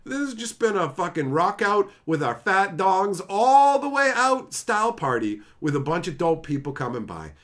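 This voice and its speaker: A man from Canada chatting casually on a live stream, telling stories in an animated, profane way and laughing often. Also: sits high, moderate pace, few pauses.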